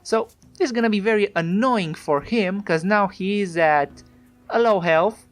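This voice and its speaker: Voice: mid-range voice, moderate pace, faint music behind. A speaker with an Italian accent giving casual commentary on a card game match. They chat along and put rhetorical questions to the opponent. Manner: chatty, talks back to the opponent with rhetorical questions.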